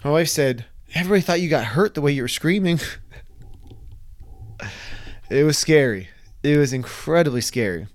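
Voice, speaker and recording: A young man with a slightly high voice tells a wild story from his own life in a casual, animated way. He keeps acting out his own fear and panic as he goes. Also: moderate pace, long pauses.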